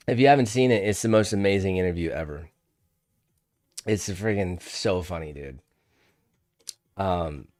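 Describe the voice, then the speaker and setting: Young dude streaming, slangy, laughs a lot, lowish voice, super dry sound. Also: male voice, no room sound. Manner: laid-back and slangy, laughs often, calls viewers dude and homie. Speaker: trading livestream host. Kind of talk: casual livestream chat.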